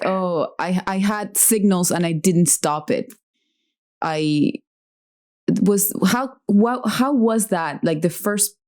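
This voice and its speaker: A woman hosts a podcast in a casual interview. Her voice is mellow and darker in tone, and she laughs along and sounds supportive as she asks her questions. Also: lowish voice. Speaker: podcast host.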